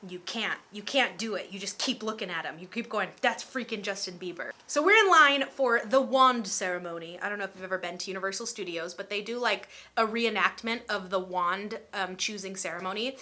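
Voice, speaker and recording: A young woman in her twenties telling a casual storytime vlog, chatty and animated and full of filler words. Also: medium pitch, a little fast, hardly any pauses. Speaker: storytime vlogger.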